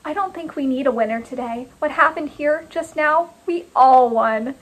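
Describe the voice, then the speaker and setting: A woman voicing a fragile, grieving woman judge who speaks in a halting, muted way. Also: high voice, close to an everyday voice, low-quality recording. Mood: gentle.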